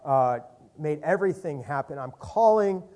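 A man, a youth leader, telling a lively testimony story full of quoted dialogue. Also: a little high, normal speed. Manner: animated, lots of quoted dialogue.

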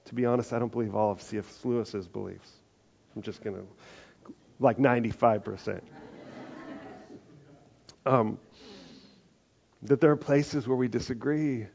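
A man preaching a sermon in a conversational way, slowing down for emphasis and adding lively asides. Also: medium pitch, creaky, slightly rough. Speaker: pastor. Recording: muffled live sermon audio.

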